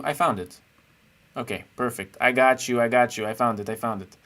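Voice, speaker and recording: A man's voice: medium pitch, brisk, sharp tone. A man streaming live, chatting casually and playfully with his viewers while he rates chess games. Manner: chatty, playful, thinks aloud while searching.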